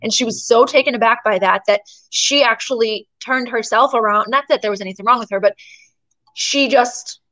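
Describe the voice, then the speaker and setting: A woman guest in an interview, telling a story in a chatty, animated way with plenty of fillers. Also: fairly high pitch, normal speed, low-quality recording. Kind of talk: storytelling in conversation.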